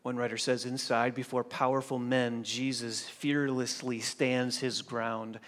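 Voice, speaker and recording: A man preaching a sermon as pastor, swinging from hushed, drawn-out phrases to loud emphatic lines. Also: mid-range voice, flat delivery, in a large hall.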